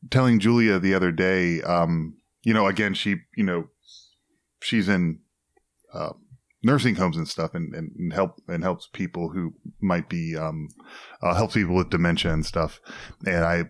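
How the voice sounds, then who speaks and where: A man's voice: deep voice, steady tone, measured pace. A man hosting a casual podcast about films, talking hesitantly with fillers and restarts. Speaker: podcast host. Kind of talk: casual film discussion.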